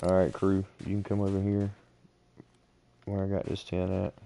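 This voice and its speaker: Deep, flat-voiced man streaming a game. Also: vocal fry. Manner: unhurried, explains directions to other players. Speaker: gaming streamer. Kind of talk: casual gameplay chat.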